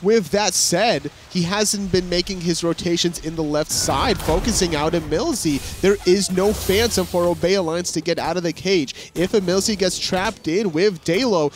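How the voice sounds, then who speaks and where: A male esports caster with a voice a touch higher than most men's, delivering measured, explanatory play-by-play on mechanics and fights. A faint noise floor sits under his voice. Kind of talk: live esports commentary.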